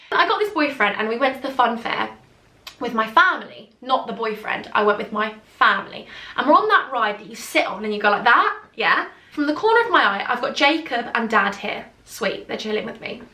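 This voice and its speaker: A woman's voice: fairly high pitch, very animated, moderate pace, bright, forceful tone. A young woman telling a funny story to camera in a chatty, giggly way, acting out what others said. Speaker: beauty vlogger. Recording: echoey room.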